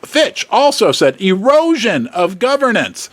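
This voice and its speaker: An emphatic male channel host talks straight to his viewers in casual commentary, exasperated and full of rhetorical questions. His voice sits high and swings up and down a lot. The sound is dry and close, with no room around it. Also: sing-song, unhurried, a bit bright, no room sound. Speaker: host of a precious-metals channel.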